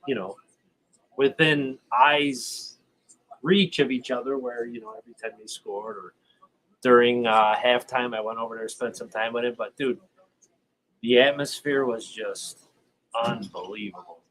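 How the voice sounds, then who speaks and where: A man at middle pitch telling a long story as a livestream guest. He rambles and restarts lines, animated as he builds his anecdote. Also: unhurried, poor audio. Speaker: guest fan. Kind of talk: casual storytelling.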